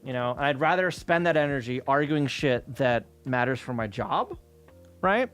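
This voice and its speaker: A man's voice: medium pitch, animated, moderate pace, a bit bright, soft background music. A man chatting casually on a livestream, telling an exasperated, profane story while he works. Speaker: streamer. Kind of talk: casual chat with chat while working.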